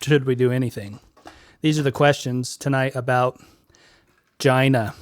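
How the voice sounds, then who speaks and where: A man's voice: mid-range voice, little pitch movement, normal speed, no echo. A young man hosting a podcast, chatting casually and easily, with lots of "like" and "um". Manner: easygoing, heavy use of "like" and "um". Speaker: podcast host.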